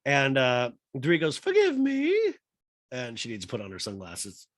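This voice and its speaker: A man's voice: mid-range voice, lively intonation, fairly quick, a bit bright, no echo, clean studio sound. A man hosting a podcast, giving a rambling, mocking comic recap of a TV episode. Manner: mocking, rambling, repeats "I'll say". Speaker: podcast host.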